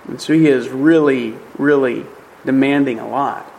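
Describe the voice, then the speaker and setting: A man's voice: mid-range voice, moderate pace, creaky, a little mellow, a little hiss or hum, poor audio. A man teaching through a Bible passage in a video, emphatic and conversational, often checking in with "right?".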